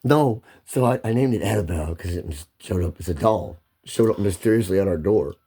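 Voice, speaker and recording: A man's voice: sits low, fairly quick, warm tone. A man hosting a casual chat, teasing his co-host and swearing freely as he laughs his way through a story. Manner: profane, laughing often.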